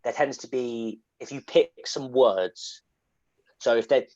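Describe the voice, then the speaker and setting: A man's voice: mid-range voice, slow pace, a little mellow, no echo. An English man with a standard southern English accent, casually answering questions and explaining with fillers and restarts. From England. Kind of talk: casual online Q&A. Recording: dull lo-fi call audio.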